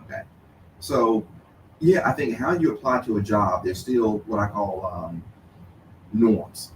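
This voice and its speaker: A man's voice: fairly low pitch, unhurried, a little hiss or hum. A man appearing as a lawyer guest on a radio show, explaining points with frequent "you know" and "okay". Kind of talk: radio debate. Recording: roomy distant sound with faint ambience.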